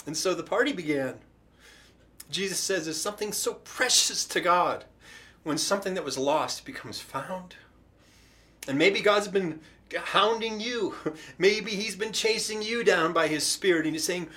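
A man's voice: a little high, lively intonation, moderate pace, a bit bright. A man preaching a sermon, retelling a parable in a casual, conversational way with acted-out quotes. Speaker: pastor.

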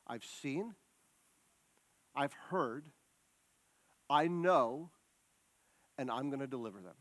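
A man voicing God as a calm, commanding male presence, speaking in a hushed, low, measured way. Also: dry recording. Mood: solemn.

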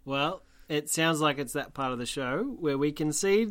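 A book club podcast co-host speaking in casual chat, lively and teasing. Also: medium pitch, normal speed.

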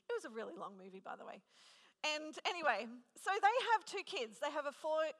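Bright, high-voiced woman preaching in a reverberant hall. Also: fairly quick. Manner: chatty, self-deprecating, animated storytelling. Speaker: preacher at a women's gathering. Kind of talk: conversational sermon with personal story.

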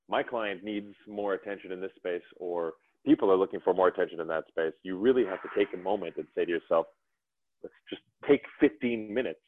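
A man talking casually as a podcast guest, animated and rambling with restarts. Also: low voice, no room sound. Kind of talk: casual conversation. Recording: dry, phone-like narrow sound.

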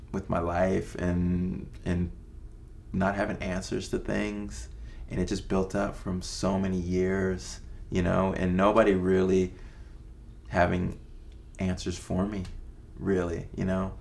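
Man in his fifties with a deep, gravelly voice. He is a laid-back interview guest who tells stories loosely and hushes his voice for quoted asides. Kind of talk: casual storytelling interview.

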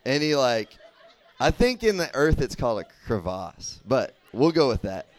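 A young man preaching a casual sermon as a youth pastor, chatty and animated, full of fillers and quick check-ins with the room. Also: mid-range voice.

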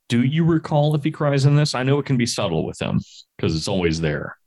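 A man's voice: mid-range voice, big pitch swings, a little fast, a little mellow. A man co-hosting a podcast, telling a rambling, swear-laden story with chuckles in casual chat. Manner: rambling storytelling with laughs and profanity. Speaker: podcast co-host.

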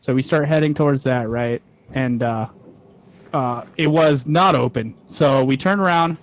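A young man telling a long story in a relaxed way among friends. He rambles, swears a lot and acts out the other people's lines. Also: medium pitch, unhurried, rough recording. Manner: rambling, swears often, acts out quoted voices. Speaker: podcast co-host telling a story. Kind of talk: casual storytelling chat.

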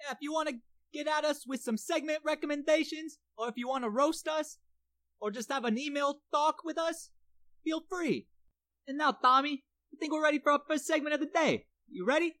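Woman co-host, comedy podcast; brash, mocking, high voice. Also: a little fast, fairly bright tone. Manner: brash and mocking, exaggerated outrage. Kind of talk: mock trash-talk comedy podcast.

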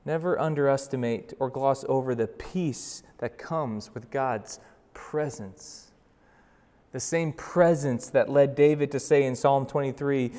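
Man preaching in a reverberant church. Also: medium pitch. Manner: swings from loud urgent bursts to slow hushed emphasis; conversational, with fillers and restarts. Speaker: pastor. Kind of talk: sermon. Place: church sanctuary. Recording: long reverb of a large hall.

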